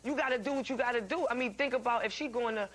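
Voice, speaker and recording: A woman's voice: a little high, fast talker, a bit bright. A woman on a talk show panel, speaking in a slangy, emphatic way and pushing back on the host. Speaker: radio personality guest. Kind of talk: casual panel chat.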